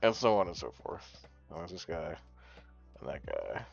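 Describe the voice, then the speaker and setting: A man's voice: low-pitched, sing-song, moderate pace, gravelly. A man streaming a card game, chatting casually with his viewers in a rambling way and swearing freely. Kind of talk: casual gaming commentary. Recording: dull lo-fi stream audio with faint music.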